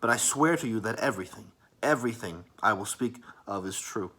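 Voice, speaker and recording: A man voicing an earnest, weary young British woman in a soft, polite and apologetic whispered role-play. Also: fairly low pitch, expressive, a little fast.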